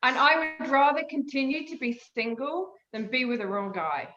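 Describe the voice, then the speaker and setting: A woman's voice: high-pitched, moderate pace, lo-fi sound. Chatty British woman on a roomy call. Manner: lively storytelling, laughs a lot. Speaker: guest author. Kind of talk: casual chat.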